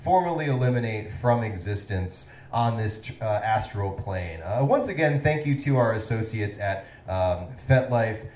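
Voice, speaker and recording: A man hosting a comedy show as a mock town-meeting presentation, talking in a halting way full of fillers. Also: lowish voice, lively intonation, a little mellow, reverberant, far from the mic, a little hiss or hum, poor audio. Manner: halting, filler-heavy delivery, breaking into laughter.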